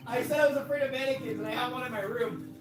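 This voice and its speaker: A man's voice: very high-pitched, over music, low-quality recording. A man chatting casually at home as a guest, giggling and poking fun at himself. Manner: giggly, self-mocking, quick to laugh. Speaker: guest, host's brother. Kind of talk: casual chat.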